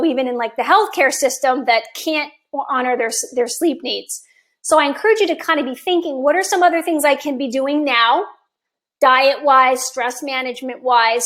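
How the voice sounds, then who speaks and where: Enthusiastic and chatty, with the odd laugh, a health coach in her fifties talks on a live stream. Her high voice has a fairly bright tone, though long talking has left it slightly hoarse.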